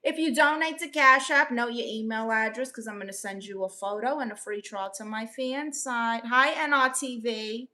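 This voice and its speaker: A woman from Brooklyn with a Brooklyn accent, hosting a casual livestream, reading viewer comments aloud and answering with sassy, quick comebacks. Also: a little high, sharp tone. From Brooklyn, New York. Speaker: livestream host reading chat.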